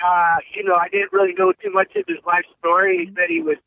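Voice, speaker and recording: A man's voice: high-pitched, sing-song, quick pace, creaky. A man from Ohio, a guest comedian, telling a story in a rambling, casual way with many fillers. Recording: tinny phone-like line.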